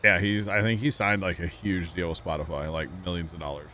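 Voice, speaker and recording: A man with a low, deep voice hosting a gaming stream. He rambles chattily, addressing his chat and his co-host in loose, easygoing talk, with faint background noise under the audio. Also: fairly even intonation, fairly quick, sharp tone. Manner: rambling, chatty, talks to chat, laughs often. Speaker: livestream host. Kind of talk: casual chat while gaming.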